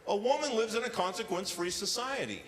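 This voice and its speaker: A man performing a stand-up comedy set with deadpan storytelling and acted-out quotes, on a casino showroom stage. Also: high-pitched, fast. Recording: live hall reverb with faint ambience.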